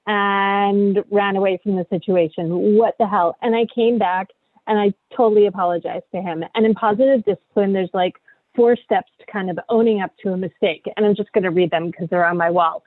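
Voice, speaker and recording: A woman's voice: medium pitch, normal speed, no echo, phone-quality sound. A middle-aged woman, a parenting coach, leading a workshop in a candid, coaching way, often checking in with "right?".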